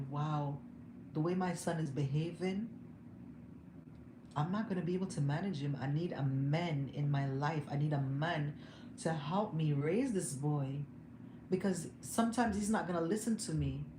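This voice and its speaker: A woman's voice: sits low, moderate pace. A young woman talking candidly and emotionally to her viewers, laughing now and then as she vents. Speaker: vlogger. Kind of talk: casual livestream chat. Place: home room. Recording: echoey room with background noise.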